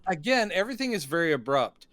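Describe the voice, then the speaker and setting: A man co-hosting a casual movie review chat, conversational, recapping scenes with quick acted quotes. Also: on the high side, sing-song, a loud crowd. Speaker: podcast co-host.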